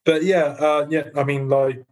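A man's voice: a little high, fairly even intonation, normal speed. A young adult man co-hosting a podcast, chatting casually with dry, sweary wisecracks. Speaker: podcast co-host. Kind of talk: casual chat.

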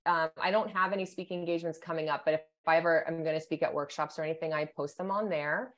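A middle-aged woman speaks as a psychologist guest on a podcast, her voice sitting on the lower side. She explains at length in a measured, thoughtful way, often checking in with her listener. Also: fairly even intonation. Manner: thoughtful, explanatory, many "you know" and "right?". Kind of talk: podcast interview.

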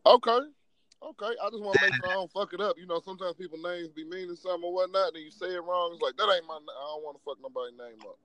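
A man hosting a podcast, casual and animated, joking and laughing with his guest. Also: high-pitched, rapid-fire, crowd noise. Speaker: podcast host.

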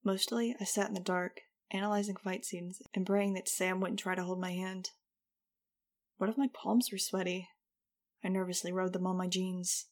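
A woman's voice: medium pitch, darkish tone. A woman narrating a first-person audiobook in a wry, conversational way.

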